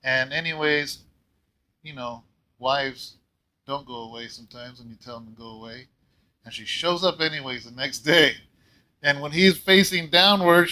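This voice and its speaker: A man pastoring a church, telling a story in a casual, rambling way and often clearing his throat. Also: fairly high pitch, fairly even intonation, normal speed, bright, forceful tone, low-quality recording. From California. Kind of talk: casual Bible talk.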